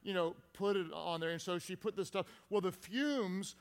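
A man preaching a sermon to his church, telling stories with lively acted-out shouts. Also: sits high, normal speed, clear, resonant tone. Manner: animated storytelling with acted-out shouts. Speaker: pastor. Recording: long reverb of a large hall.

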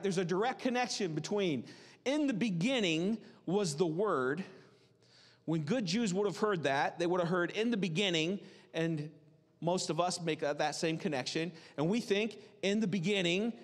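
A man preaching a sermon in a conversational, animated way, acting out the voices of people in the story. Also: high voice. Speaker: pastor. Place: church hall. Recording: reverberant hall.

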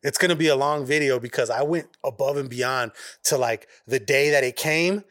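A man's voice: medium pitch, moderate pace, a bit bright. A man from Arizona co-hosting a podcast, telling a long profane story with a lot of animation. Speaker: podcast co-host. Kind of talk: casual chat.

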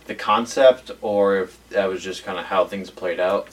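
A man with a fairly low voice recaps a TV episode in casual podcast chat. He rambles with lots of "like" and slips into quoting the characters. He sounds a little distant from the mic. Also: fairly even intonation, moderate pace. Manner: rambling, filler-heavy, acts out quotes. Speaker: podcast co-host. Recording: voice a bit off-mic.

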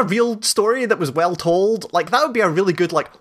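A man in casual podcast chat about a game, talking animatedly with lots of swearing, acting out the scenes he describes in quick voices. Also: high-pitched. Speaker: podcast co-host.

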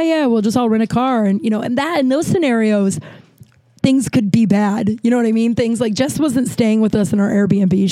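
A woman from Los Angeles hosts a podcast, rambling through a story in casual chat with plenty of restarts and fillers. Her voice is fairly high and mellow, recorded with no room sound.

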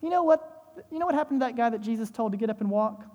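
Emphatic preacher, mellow voice, long reverb. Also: mid-range voice, lively intonation, fast, dull audio. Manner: emphatic, with rhetorical questions and repetition. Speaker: pastor. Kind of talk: sermon.

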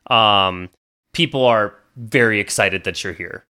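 A man narrating as game master in a tabletop game, laid-back and joking, switching quickly into character voices. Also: on the low side, bright, forceful tone, clear, resonant tone.

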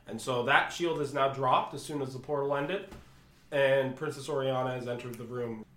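A man's voice: mid-range voice, fairly even intonation, normal speed, a bit bright, roomy sound. A man narrating as dungeon master of a tabletop game, chatty and jokey. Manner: chatty, jokey, switches into character voices.

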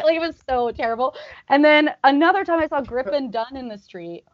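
A woman from Arizona chatting casually, telling animated stories and laughing often as she talks. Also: high voice, fast, no room sound, muffled recording. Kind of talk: casual chat. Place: rooftop, outdoors.

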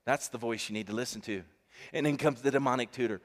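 Fired-up guy preaching, mid-pitched voice, calls out to the crowd, big echoey hall. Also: quick pace. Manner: animated, emphatic, calls out to the congregation. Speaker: pastor. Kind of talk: sermon. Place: church stage before a congregation.

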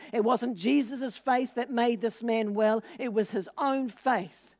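A woman preaches at a moderate pace with hardly any pauses, her voice slightly mellow. She teaches earnestly from scripture and performs its scenes, voicing quoted figures with raised pitch and forceful delivery.

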